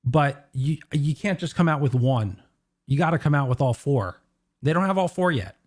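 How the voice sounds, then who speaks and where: A man's voice: fairly high pitch, animated, moderate pace. Opinionated man hedging with "like"s. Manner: opinionated, hedges with many "like"s. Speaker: co-host. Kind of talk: casual podcast chat.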